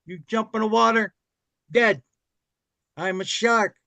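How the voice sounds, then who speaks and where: A man's voice: high voice, slow pace, gravelly, bright, forceful tone, dry recording, voice pushed up, full character voice. A man doing an impression of a tough, menacing man playing a shark, taunting with tough-guy swagger.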